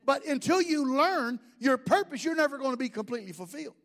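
High-voiced man preaching a lively sermon. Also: brisk. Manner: lively preaching with jokes and asides to the congregation. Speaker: pastor.

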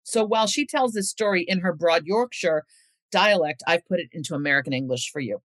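A woman in her fifties, an author being interviewed, who chats and reads from her book with expressive shifts in pace. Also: lowish voice, no room sound. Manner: expressive, slows down and speeds up for emphasis. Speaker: author and guest. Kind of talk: interview chat and reading from her own book.

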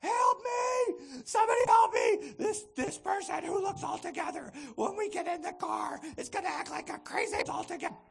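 A man voicing a panicked person who shouts frantically for help. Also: very high-pitched, moderate pace, creaky, hardly any pauses, pitched above the performer's own voice. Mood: frantic.

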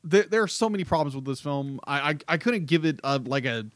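A man's voice: a little high, lively intonation, brisk, fairly bright tone, no room sound, studio quality. A man co-hosting a casual movie review podcast, laid-back, with frequent laughter and short replies. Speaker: podcast co-host.

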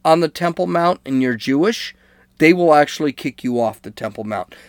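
A man with a slightly high voice offers casual commentary on current events as a political commentator, recorded at studio quality without any room sound. Conversational and loose, he leans on fillers, starts over mid-thought, corrects himself, and checks in by asking listeners "okay?"

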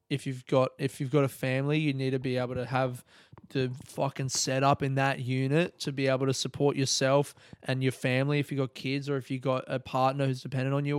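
Alone on his podcast, a young Australian host rambles in a candid, casual monologue full of swearing. His voice is smooth and medium-pitched, recorded cleanly in a studio with no echo.

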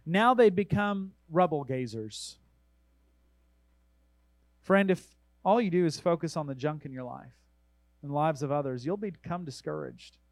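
A man pastor delivering a sermon, preaching earnestly with emphatic exhortations and reading scripture aloud in a measured way. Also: a little high, expressive, no echo, low-quality recording.

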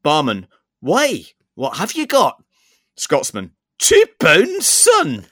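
A man telling a joke in a put-on Scottish accent, voicing a drunk Scotsman and a barman in high, loud, drawn-out voices. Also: huge pitch swings, dry recording, studio quality, exaggerated voice. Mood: joking.

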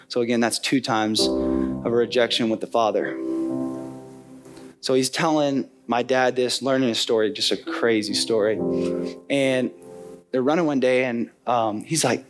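A man's voice: mid-range voice, steady tone, normal speed, pauses often. A young man giving a sermon in an earnest, conversational way, telling a story and acting out the voices of its people. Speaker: preacher. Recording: soft guitar music behind.

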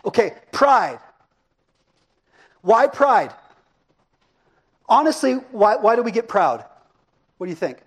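A middle-aged man with a notably high voice gives a sermon. He preaches in a relaxed, conversational way, often stopping to ask the congregation questions and pick up their answers. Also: slow pace, long pauses, slightly rough. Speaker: pastor. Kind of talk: interactive sermon.

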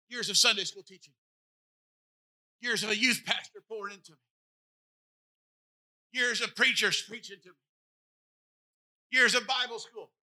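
A man's voice: very high-pitched, bright, forceful tone. A man in his forties preaching a sermon as pastor, with an impassioned, repetitive cadence. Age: 40s.

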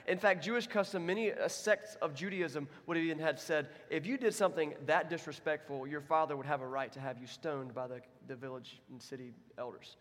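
A man's voice: on the high side, a little fast, hardly any pauses, a bit bright, big-room sound. A man preaching a sermon as pastor, in a conversational, self-deprecating way. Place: church.

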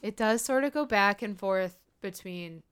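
A woman's voice: mid-range voice, a little slow, a bit bright, clear, resonant tone. A woman co-hosting a podcast in casual chat, rambling and searching for words as she tells stories. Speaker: podcast co-host.

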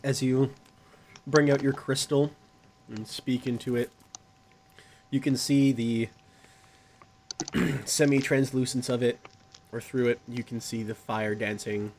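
A man narrates a tabletop game scene as game master. He talks slowly and descriptively, pausing and filling gaps with small fillers. There is a faint hiss in the recording. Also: medium pitch, steady tone, a little mellow. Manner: slow, descriptive, with pauses and fillers.

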